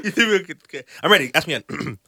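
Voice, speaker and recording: A man's voice: fairly high pitch, sharp tone, slightly rough, no echo, studio quality. A man co-hosting a podcast in casual banter, playful and joking, hamming up slangy bits. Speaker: podcast co-host.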